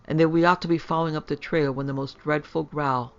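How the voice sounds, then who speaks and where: A man reading a horror story aloud in a measured, grave way. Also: on the high side, fairly even intonation, clean tone, soft background music. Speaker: narrator. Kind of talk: scripted horror story narration. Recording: dull lo-fi.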